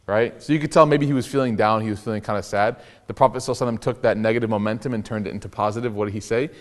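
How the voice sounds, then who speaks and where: A man's voice: on the low side, fairly even intonation, rapid-fire. A young man giving a casual, joking sermon as an Islamic lecturer, telling stories and acting out the quotes. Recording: long hall reverb.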